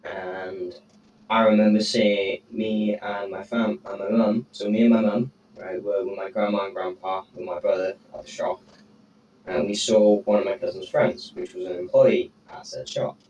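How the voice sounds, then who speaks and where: Low-voiced teen, rambling and profane. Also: male voice, fairly even intonation, unhurried, a little mellow, slightly rough, dull audio. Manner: rambling and profane, tags lines with "right?". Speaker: podcast co-host. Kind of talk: casual podcast storytelling.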